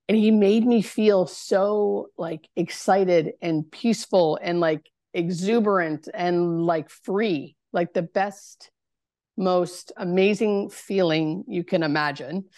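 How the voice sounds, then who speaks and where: A woman, a hospice nurse, telling a personal story in a podcast interview, halting and searching for words with many fillers. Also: mid-range voice, mellow, dry recording, clean studio sound.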